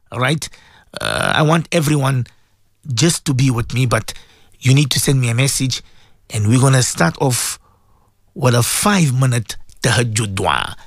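A man hosting a morning religious radio talk show, animated and chatty, acting out what people tell him. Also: a little high, no echo, clean studio sound. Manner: animated, acts out callers' voices, heavy religious phrases.

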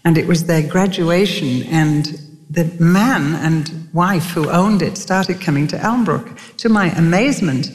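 An older woman, a Christian speaker, preaches a sermon in a lowish, unhurried voice, telling stories animatedly and acting out quotes. The recording has long hall reverb with faint music.

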